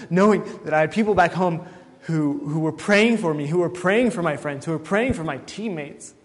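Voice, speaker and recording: A man preaching a sermon, telling a story in a lively way and acting out the people in it. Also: on the high side, long reverb tail.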